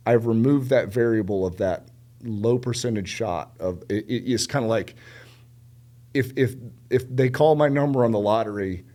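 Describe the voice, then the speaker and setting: A middle-aged man from South Carolina speaks in a fairly low voice as a podcast guest. He tells stories casually and animatedly, leaning on words with repetition and slipping into the voices of the people he quotes. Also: normal speed. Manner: animated, acts out quoted dialogue; emphatic, repeats words for stress. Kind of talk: casual storytelling conversation.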